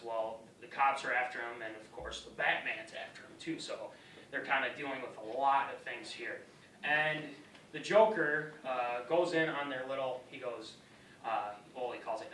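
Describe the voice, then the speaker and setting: A young man talks through a class presentation in a casual, rambling way, and his voice is bright. The sound is roomy and echoey, picked up by a camera from across the classroom, with a faint hiss behind it. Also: mid-range voice, far from the mic. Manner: casual, rambling, loose phrasing. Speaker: student presenter.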